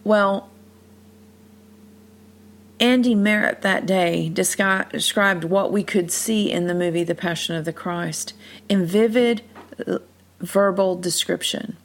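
A woman's voice: mid-range voice, takes it slowly, pauses often. A middle-aged woman hosting a faith podcast, telling a heartfelt personal testimony and leading a prayer. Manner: earnest, heartfelt storytelling. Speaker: podcast host.

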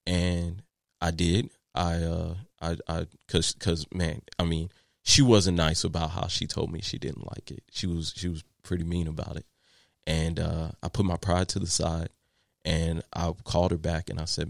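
A man with a very deep, gravelly voice tells his story in an interview, candid and animated, stumbling through fillers and restarts. The recording is close and dry. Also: normal speed, no echo. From Texas. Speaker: guest, landscaping business owner.

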